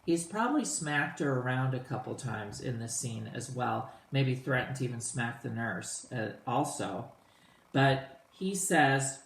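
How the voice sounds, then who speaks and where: A man teaching a play to students in a casual, animated way, retelling the old lines in everyday slang. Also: mid-range voice, a little slow, echoey room, poor audio.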